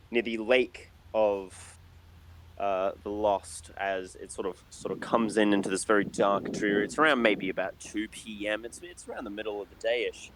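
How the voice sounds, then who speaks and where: Low-voiced man narrating as dungeon master. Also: fairly bright tone, rough recording. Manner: hesitant, many fillers and restarts. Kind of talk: narrating a tabletop game.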